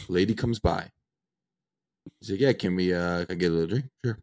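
A man's voice: low voice, brisk. A man in his twenties, co-hosting a podcast, casually telling a story and acting out the people in it. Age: 20s. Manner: animated storyteller acting out dialogue. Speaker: podcast co-host.

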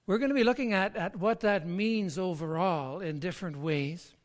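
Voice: medium pitch, moderate pace, long reverb tail. A pastor preaching a sermon, emphatic and often repeating words while building a point. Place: church.

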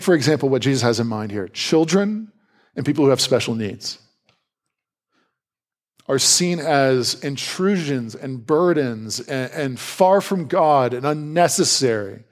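A male pastor delivers a sermon in an animated, conversational style. He drops playful asides, and his pitch jumps quickly whenever he voices reactions.

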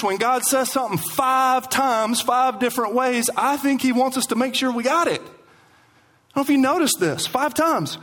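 In a church sanctuary, a pastor with a high voice preaches with real energy. He says key lines more than once and slows his delivery whenever he wants a point to land.

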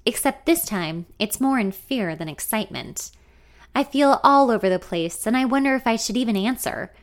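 A woman's voice: on the high side, expressive, moderate pace. Woman narrating a confiding first-person story. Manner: intimate, confiding, wry.

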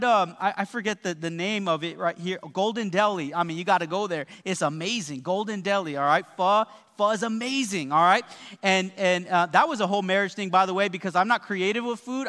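A man in his thirties preaching a lively, joking sermon with frequent asides to the congregation. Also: sits high. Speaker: pastor. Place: church sanctuary. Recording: long hall reverb.

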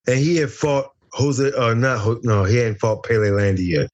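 A man's voice: mid-range voice, steady tone, moderate pace, muffled recording. A middle-aged American man telling a wild story as an interview guest, boisterous and profane, acting out the dialogue. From United States. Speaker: interview guest, former fighter.

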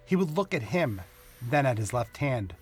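A man narrating a story aloud with a steady, expressive reading and doing the characters' voices. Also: medium pitch, moderate pace, husky, soft background music.

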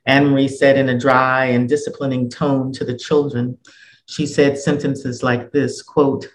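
A man's voice: medium pitch, level tone, unhurried, rough recording. Man reading a reflective essay. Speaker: narrator.

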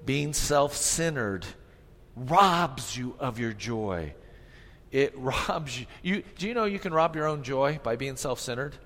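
A man delivers a sermon in a fairly high voice, driving points home through repetition and direct questions to the people in front of him. His words ring out in a church sanctuary with a long trailing reverb. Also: a bit bright. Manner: emphatic, repeats phrases for effect, asks the congregation questions. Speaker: pastor.

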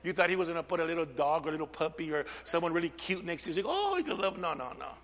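High, gravelly male preacher in hall. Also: steady tone, very fast, slight background noise. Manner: swings from shouting to near whisper; peppers speech with amen and call-and-response. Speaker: pastor. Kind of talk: sermon. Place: church sanctuary.

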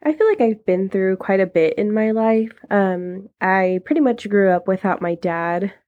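A woman's voice: mid-range voice, moderate pace, phone-quality sound. A woman of thirty, hosting a casual solo podcast and speaking candidly and chattily with frequent laughs. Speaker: podcast host.

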